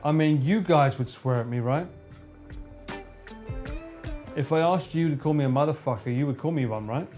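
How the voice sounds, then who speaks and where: A man's voice: fairly high pitch, normal speed, pauses often, darkish tone, soft background music. A man streaming live, bantering and joking with his chat in a casual way. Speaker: livestreamer.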